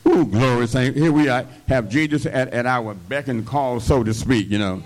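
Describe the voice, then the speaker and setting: A man's voice: mid-range voice, moderate pace, a little mellow. An older man preaching a sermon, filling his lines with amens, hallelujahs and call-and-response, with a slight cough. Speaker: pastor.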